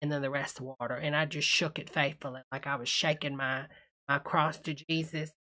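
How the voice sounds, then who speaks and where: Woman playing a church lady, tipsy, gushing, calls everyone honey, lowish voice, bright and forceful tone, live stream host. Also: flat delivery, moderate pace. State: tipsy from a cocktail. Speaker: livestream host reading chat. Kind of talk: live reaction stream chatter.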